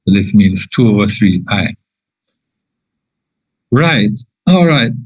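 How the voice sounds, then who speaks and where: Slow, halting man lecturing. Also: on the low side, lively intonation, darkish tone, slightly rough, no room sound. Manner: halting, many fillers and restarts. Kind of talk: informal university lecture. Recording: dull lo-fi dry audio.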